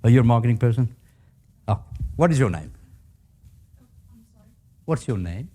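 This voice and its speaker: A man's voice: mid-range voice, very animated, moderate pace, warm tone. An older man giving a leadership talk to a live audience, telling stories with humor and asking the audience questions. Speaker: guest speaker.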